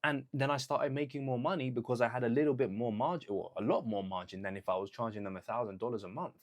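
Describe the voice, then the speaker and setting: A man's voice: mid-range voice, quick pace. Young male vlogger, earnest and chatty, mid-range voice, acts out little quotes as he goes. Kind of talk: motivational talk to camera.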